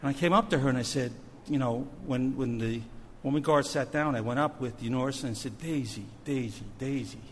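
A man, a missions pastor, telling a story from a trip as part of a sermon, animated and shifting in loudness. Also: medium pitch, fairly quick, hardly any pauses, a little hiss or hum. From New Jersey. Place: church sanctuary. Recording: long church hall reverb.

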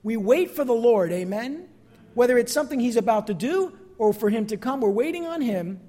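A man preaching a sermon as pastor, expressive and calling out to his congregation for amens. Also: extremely high pitch, brisk, big-room sound.

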